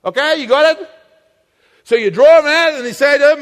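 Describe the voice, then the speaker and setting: A man preaching a sermon, animated and calling on the congregation to answer him. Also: very high voice, fairly quick. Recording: long hall reverb.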